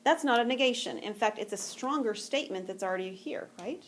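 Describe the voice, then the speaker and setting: A woman's voice: on the high side, animated, a little fast, hardly any pauses, slight background noise. A woman teaching math to a class, talking patiently and conversationally and often checking that students follow. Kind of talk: classroom lecture.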